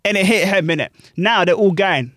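A young man, a club DJ telling animated stories in casual chat full of slang. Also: sits high, brisk, no room sound, clean studio sound. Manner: animated, laughing anecdotes with British slang.

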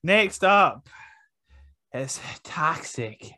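A man co-hosting a podcast, with a voice that sits a little high. His pitch swings widely as he rambles through jokes and breaks into laughter. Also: big pitch swings, drawn-out words, noisy background. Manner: laughs often, jokey and rambling. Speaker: podcast co-host. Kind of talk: casual chat.

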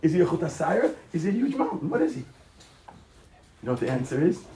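Lively high-voiced man giving a Torah talk. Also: fast talker, slight background noise. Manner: emphatic, full of rhetorical questions and repetition; swings between soft asides and near shouting. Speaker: rabbi teaching Torah. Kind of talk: animated Torah lecture.

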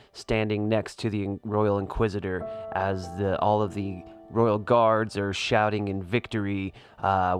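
A man narrates a tabletop game as its game master in a lowish voice. He describes each scene in detail and stops often for fillers. Quiet music plays underneath.

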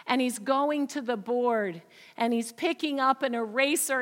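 A woman voicing a gentle but firm counselor who talks in a soft, coaxing, drawn-out way. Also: high-pitched. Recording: long hall reverb.

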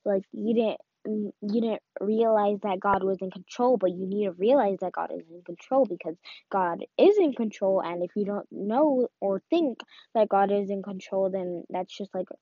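A woman talks through a casual devotional message, rambling and filling her sentences with "like" and "um." Her voice sits at a middling pitch. The recording is dull and lo-fi, with a dry sound and no room echo. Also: normal speed. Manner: rambling, full of "like" and "um". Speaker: faith talk host.

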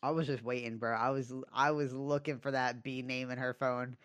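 A man's voice: mid-range voice, little pitch movement, moderate pace, fairly bright tone, clean tone, no echo, lo-fi sound. A young man co-hosting a podcast, telling a personal story in a casual, confessional way, full of fillers and swearing. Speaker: podcast co-host.

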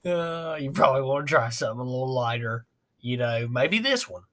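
Rambling podcast host. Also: male voice, mid-range voice, lively intonation, a little fast, a bit bright. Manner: rambling, laughs often, swears casually. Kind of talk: casual chat.

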